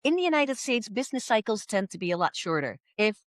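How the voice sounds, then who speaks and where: A middle-aged woman speaks as an intercultural coach in a podcast interview, animated and expressive. She acts out quoted voices with big swings in pitch. Her voice sits in a middle register, recorded close and dry. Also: quick pace, no echo.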